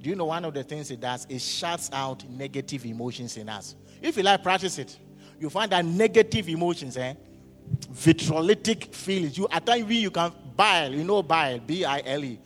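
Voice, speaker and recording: A pastor preaches a sermon in a church hall, frequently posing questions to the congregation and waiting for their answers. His voice is a little high and expressive, at a moderate pace. Hall reverb and faint music can be heard.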